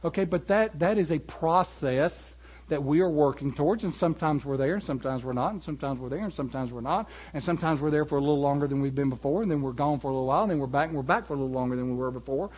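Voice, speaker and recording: A man preaching a sermon, animated and building to emphatic peaks. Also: fairly high pitch, very fast, breathy edge, dull audio.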